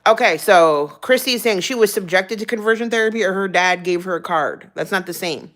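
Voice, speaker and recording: A woman's voice: mid-range voice, brisk, fairly bright tone. Profane rambling young woman streamer. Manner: profane, rambling, laughs often. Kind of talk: casual ranting livestream commentary.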